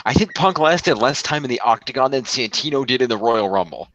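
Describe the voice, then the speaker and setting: A man's voice: medium pitch, expressive, fairly quick, background noise. Laid-back man on a dull mic. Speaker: podcast co-host. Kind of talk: casual chat.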